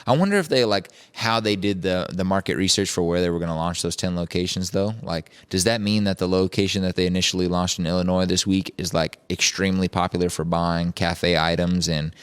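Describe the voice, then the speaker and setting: A man's voice: sits low, steady tone, brisk, hardly any pauses, clean tone. A man hosting a podcast in casual chat, joking and swearing as he rambles through the news. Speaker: podcast host.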